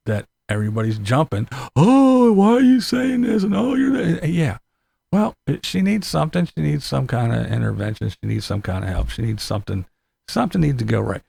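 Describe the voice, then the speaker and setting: A man's voice: mid-range voice, creaky, a little mellow, slightly rough, no room sound. A man giving casual reaction commentary in a sardonic way, repeating himself and laughing between remarks.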